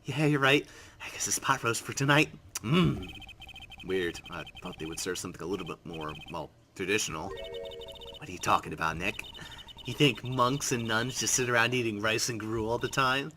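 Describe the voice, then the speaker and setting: Man, let's play host, wry sarcastic asides, lively pitch, game music underneath. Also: moderate pace. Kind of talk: reading game text aloud with voices.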